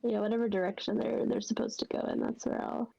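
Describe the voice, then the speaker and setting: A woman playing a tabletop game, answering in a relaxed, amused way. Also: fairly high pitch, fast, gravelly, breathy edge, lo-fi sound. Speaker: player.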